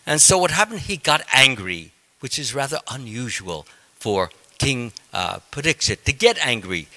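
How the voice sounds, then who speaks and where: A man, a monk, telling a scripture story in a class, halting with frequent ums and restarts. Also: fairly high pitch, bright, forceful tone.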